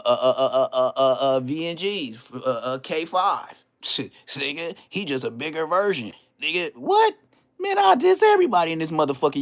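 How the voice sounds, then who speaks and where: A middle-aged man rants on his vlog, taunting rivals in heavy street slang with a boastful swagger. His pitch swings widely, jumping high for mocking jabs and dropping low for muttered asides. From Inglewood, California. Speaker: vlogger. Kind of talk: trash-talking vlog rant.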